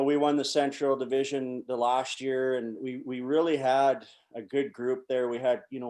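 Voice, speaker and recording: A man in his forties spins loose, swearing stories as a podcast guest. He rambles and restarts, talking at an ordinary middle pitch, and works through each anecdote with animated emphasis. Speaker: podcast guest, former pro hockey player. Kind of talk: casual storytelling.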